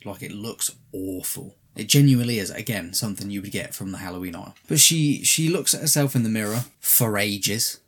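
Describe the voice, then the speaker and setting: Guy ranting about a terrible movie, husky voice, lots of swearing and sarcasm. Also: fairly low pitch, a little fast, few pauses. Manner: sarcastic, recaps the plot with mocking quoted voices. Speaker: podcast co-host reviewing a film. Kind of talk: casual sweary chat.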